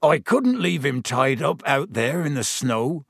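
A man voicing a huge, soft-hearted male gamekeeper who talks in a broad rustic dialect. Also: on the high side, big pitch swings, a little slow, creaky, breathy edge, no room sound, clean studio sound, full character voice. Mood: distraught.

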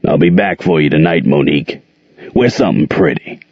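A man voicing a smug, menacing man with a gravelly voice in a story reading. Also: very deep voice, fairly quick, no room sound. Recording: dull lo-fi dry recording.

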